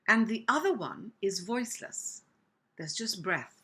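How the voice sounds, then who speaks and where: A woman speech teacher from India giving a pronunciation lesson, speaking slowly and deliberately and demonstrating each sound with exaggerated articulation. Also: mid-range voice, big pitch swings, pushed and bright, breathy edge.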